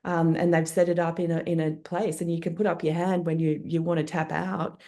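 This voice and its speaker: A woman speaks as a guest on a panel. Her voice sits low and mellow, and she talks thoughtfully, pausing with fillers and restarting her sentences. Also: flat delivery. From Australia. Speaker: guest producer. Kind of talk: panel interview.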